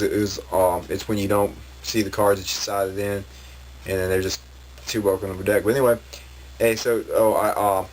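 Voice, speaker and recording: A man's voice: on the low side, a little hiss or hum. A man ranting in a vlog, rambling and frustrated, with many restarts. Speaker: vlogger.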